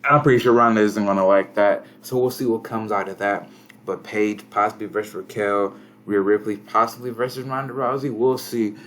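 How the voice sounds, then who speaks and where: A young man talks through a game in a relaxed, slangy way, often reading numbers and ratings aloud. His voice sits a little low. A faint background hum runs under the recording. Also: moderate pace. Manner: laid-back, slangy, reads scores aloud. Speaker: gaming commentator. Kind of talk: casual game commentary.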